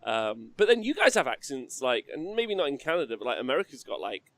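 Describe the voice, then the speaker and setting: A man's voice: mid-range voice, big pitch swings, fairly quick, fairly bright tone, dry recording. A man from England, hosting a casual, rambling chat show, swearing and laughing as he talks. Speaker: podcast host.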